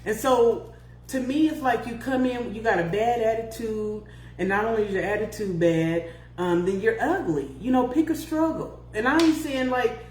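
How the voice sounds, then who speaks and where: Profane, animated woman telling a dating story. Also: fairly high pitch, normal speed. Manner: profane, animated, acts out both sides of the story. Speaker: podcast host. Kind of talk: casual storytelling to listeners. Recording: echoey room with faint hum.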